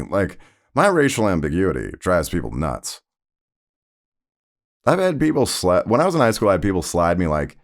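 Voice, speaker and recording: A man hosting a podcast, telling personal stories in a conversational, rambling way with lots of fillers. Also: deep voice. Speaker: podcast host.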